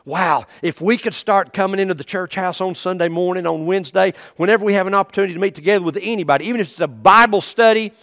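A middle-aged man preaching a sermon as pastor, animated, acting out the people in his stories. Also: high-pitched, fast, hardly any pauses. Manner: animated preaching, acts out quoted voices.

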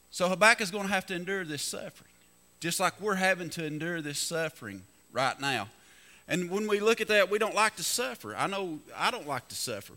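A man preaching a sermon as pastor, reading scripture slowly and building emphasis. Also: high-pitched, bright, forceful tone, in a large hall. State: coughing, slightly hoarse.

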